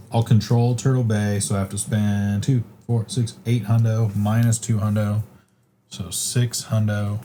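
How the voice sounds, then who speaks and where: A man with a lowish, mellow voice thinks out loud about his next board game move, hedging and filling pauses as he works it out. Faint room noise hangs underneath. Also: little pitch movement. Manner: thinks aloud with hedges and fillers. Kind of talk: casual tabletop game play.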